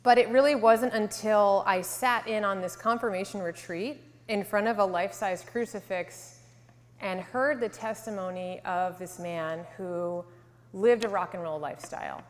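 A woman in her thirties, from Connecticut, tells her faith testimony to a live audience. She speaks earnestly and sinks to a near hush on the tender lines. Her voice rings with the long reverb of a large hall. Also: mid-range voice, moderate pace. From Connecticut, USA. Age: 30s. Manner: earnest storytelling, drops to a soft hush for emotional lines.

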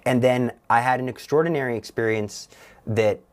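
A young man earnestly telling a personal story as a talk show guest, halting and repeating himself. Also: mid-range voice.

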